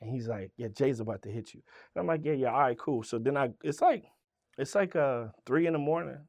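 Animated man telling stories, dry sound. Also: mid-range voice, brisk, no room sound. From Virginia, USA. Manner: animated storyteller, swearing, acting out quoted voices. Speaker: guest, rapper. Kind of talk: casual storytelling interview.

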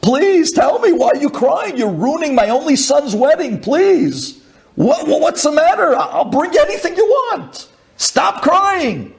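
A worried middle-aged butcher, proud of his son's wedding and stammering as he begs, as a male storyteller puts him on. His voice leaps high and loud when he pleads. The delivery is an everyday spoken storytelling voice. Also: animated, unhurried. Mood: desperate.

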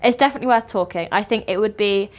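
A young woman co-hosting a chat podcast, giving advice and teasing her friend with quick asides. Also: medium pitch. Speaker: podcast co-host. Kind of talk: casual chat.

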